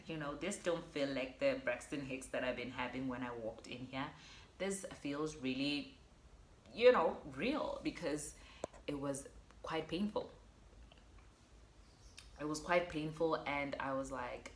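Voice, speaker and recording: Low-voiced woman telling a lively story. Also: unhurried, roomy sound, slight background noise. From Botswana. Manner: animated, acts out quotes, addresses viewers as guys. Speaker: vlogger. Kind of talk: storytelling vlog.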